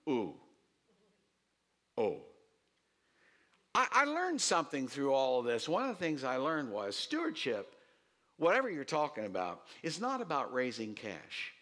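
A male pastor delivers a sermon with lots of pitch movement, his voice leaping up on emphatic points and dropping low for asides. He repeats his main lines for weight and slips in quick, conversational remarks to the congregation. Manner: animated preaching, swooping pitch, quick asides.

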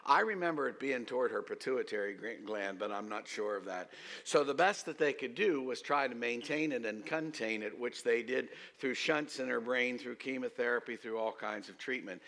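A man preaching a sermon to his congregation, emphatic and leading call-and-response, swinging from loud declarations to hushed storytelling. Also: mid-range voice, moderate pace. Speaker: pastor. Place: church sanctuary.

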